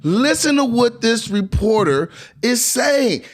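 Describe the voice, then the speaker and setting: A man reacting to press conference footage in animated commentary, exclaiming and laughing as he talks. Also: very high-pitched, slow pace, very noisy. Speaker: commentary video host.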